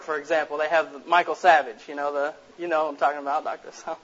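A man with a slightly high voice speaks to a room as a lecturer, blunt and direct and fond of jokes. He talks casually into a microphone. The recording sounds dull and lo-fi. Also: a bit bright. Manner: blunt, direct, jokey storyteller. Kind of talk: casual public lecture to an audience. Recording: muffled lo-fi recording.

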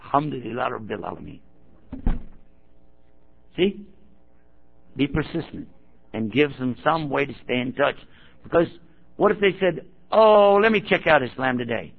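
Animated male preacher, gravelly lo-fi. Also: mid-range voice, unhurried, pauses often. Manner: animated storyteller acting out quotes. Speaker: Islamic preacher. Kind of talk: sermon-style storytelling. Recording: dull lo-fi recording.

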